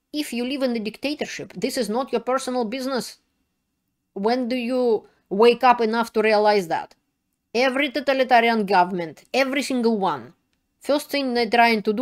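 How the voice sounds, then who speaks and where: A woman's voice: medium pitch, a little mellow. Indignant woman in non-native English. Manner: indignant, emphatic, plain-spoken. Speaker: political commentator. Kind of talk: video commentary monologue.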